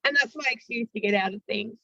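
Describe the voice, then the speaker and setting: A woman's voice: fairly high pitch, fast, gravelly, sharp tone, dry recording, highs cut off. A woman with an Australian accent, a guest actress and producer telling stories in casual podcast chat. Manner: chatty storyteller, uses casual slang.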